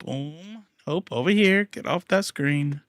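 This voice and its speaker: Taking it slowly in a mid-range voice, a livestreamer gives loose political commentary that's profane and rambling. He swings from loud outbursts to mumbled asides, in studio-quality audio without echo.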